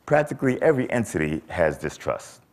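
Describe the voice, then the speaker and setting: A man speaking at a convention, telling a childhood story with animated, acted-out quotes. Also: deep voice, a little fast. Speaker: conference speaker. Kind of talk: storytelling talk. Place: convention stage.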